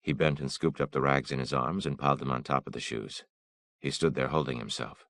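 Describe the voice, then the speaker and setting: Audiobook narrator, man, somber, very deep, gravelly. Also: fairly even intonation, fairly quick, fairly bright tone, no room sound, clean studio sound.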